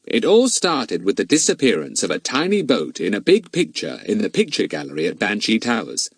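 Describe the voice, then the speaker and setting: A man's voice: fairly low pitch, wildly swooping pitch, a little fast, creaky, husky, no room sound, exaggerated voice. A man voicing a confident, polite schoolboy detective, speaking seriously, in an audiobook reading.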